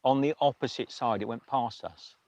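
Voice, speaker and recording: A man hosting a livestream, telling a story in a casual, emotional way with many halting restarts. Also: medium pitch, a little mellow, no room sound, lo-fi sound. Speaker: livestream host.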